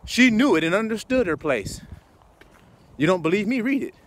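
A man's voice: high voice, lively intonation, normal speed, slight background noise. A man preaching a confrontational, profane sermon full of rhetorical questions. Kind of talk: fiery street sermon.

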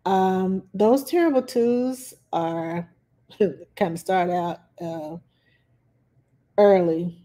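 A woman nanny giving parenting advice in a calm, plain-spoken casual talk, with frequent pauses and fillers. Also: on the low side.

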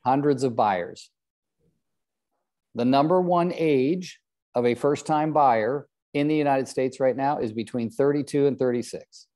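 An older man leads a real estate coaching session, his voice mellow and warm. He teases himself and singles out trainees by name, and his pitch sits in a middle range. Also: unhurried. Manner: joking, self-deprecating, calls on trainees by name. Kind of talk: live group coaching session.

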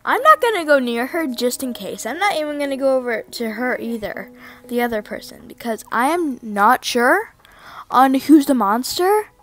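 A woman giving casual commentary over a horror game, excitable and easily startled, repeating her exclamations over and over. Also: sits high, normal speed, soft background music. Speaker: gameplay commentator.

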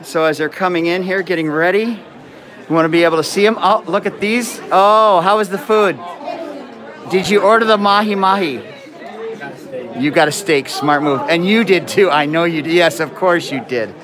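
A man's voice: high-pitched, normal speed. A man hosting a live stream in a school gym, joking with students and often apologizing. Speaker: event host live streaming. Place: school gym with a crowd, indoors. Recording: loud crowd chatter and noise. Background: crowd chatter.

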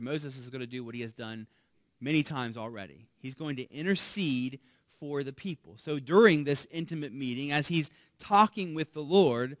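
A man pastor preaching a sermon conversationally, often asking "right?". He grows loud and animated when voicing pleas and drops to a hush on key words. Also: fairly high pitch, no room sound.

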